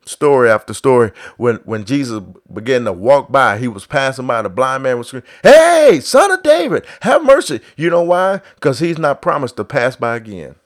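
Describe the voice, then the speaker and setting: A man preaching a sermon who starts low and quiet, then builds to loud exhortation with repeated refrains and acts out biblical voices. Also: brisk, few pauses.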